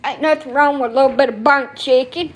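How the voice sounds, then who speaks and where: A brash, crude-mouthed middle-aged woman with a high voice, chatting loosely on a live stream. She rambles from one thing to the next, quick to curse. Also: steady tone. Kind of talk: casual live-stream chat.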